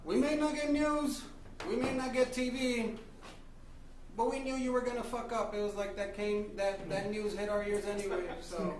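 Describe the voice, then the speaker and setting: Improv: man doing a gruff Amish dad, deadpan and blunt, high-ish voice, echoey live room. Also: moderate pace, background noise, natural voice. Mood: scornful. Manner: dry, blunt, deadpan put-downs. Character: gruff stern Amish father, middle-aged man. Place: live stage venue with audience. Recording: echoey room from far off, crowd.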